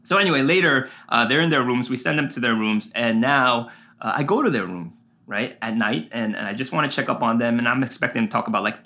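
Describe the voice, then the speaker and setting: A man, a pastor, preaching a sermon and telling a personal story in an animated way, full of fillers and asides. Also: medium pitch, quick pace.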